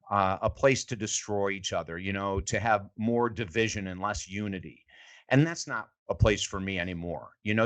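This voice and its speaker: An older man, a sports psychology coach, telling lively stories in a podcast interview and acting out the quotes. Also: fairly low pitch. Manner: animated storyteller, acts out quotes.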